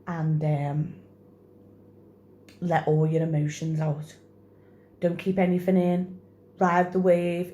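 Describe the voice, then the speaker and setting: A woman's voice: fairly low pitch, warm tone. A young woman, talking to her phone camera in a personal vlog, rambling with many fillers and crying while she laughs. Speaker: vlogger.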